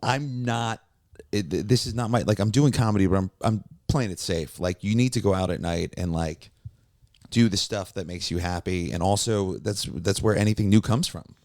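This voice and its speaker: A man, a warm-up comedian and podcast guest, telling anecdotes in casual chat and acting out the voices of people in his stories. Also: lowish voice, moderate pace, dry recording, studio quality. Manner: lively anecdotes, acts out quoted voices.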